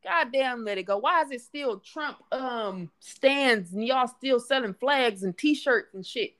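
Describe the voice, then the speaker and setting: A woman's voice: fairly high pitch, lively intonation, a little slow, fairly bright tone. A woman co-hosting a casual chat, talking bluntly and profanely in a ranting way.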